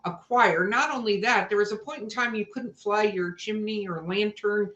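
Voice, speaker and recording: A woman of middling pitch hosting a paranormal podcast, her voice carrying a roomy echo. She chats casually, thinking out loud and tossing out rhetorical questions. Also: fairly even intonation, moderate pace, highs cut off. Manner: muses aloud, poses rhetorical questions. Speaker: podcast host. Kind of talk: casual chat.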